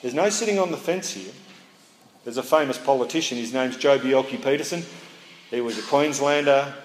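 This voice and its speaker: A man's voice: medium pitch, moderate pace. A man preaching an expository sermon and acting out scenes in playful voices. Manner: lively, acts out scenes in funny voices. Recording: echoey hall, faint room noise.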